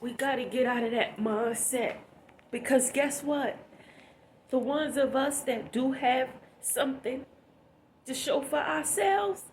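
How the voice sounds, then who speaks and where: A woman's voice: high-pitched, slow pace, a little hiss or hum. A woman vlogger, talking through tears in an emotional, preachy commentary, repeating herself for emphasis. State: tearful, sniffly.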